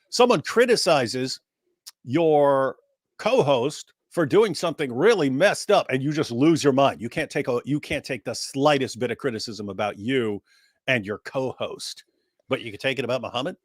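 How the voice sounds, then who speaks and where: Animated sarcastic man arguing a point. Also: medium pitch, no room sound, clean studio sound. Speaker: co-host. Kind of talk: casual commentary chat.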